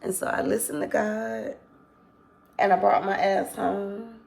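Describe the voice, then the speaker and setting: A woman's voice: medium pitch, level tone, measured pace, vocal fry, a little mellow. A woman vlogger telling a casual storytime to her viewers, candid and rambling, swearing freely and apologizing as she loses her thread.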